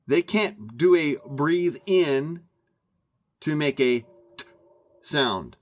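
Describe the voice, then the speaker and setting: Slow-talking man on a rambling rant. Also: fairly high pitch, animated. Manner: emphatic, meandering, repeats himself. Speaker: vlogger.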